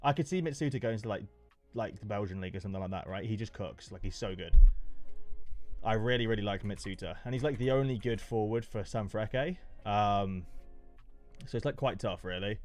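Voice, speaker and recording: A young man casually chatting to his live stream chat, excitable, going from mumbles to yelps. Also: on the low side, brisk, soft background music. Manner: excitable, swings between mumbling and yelping.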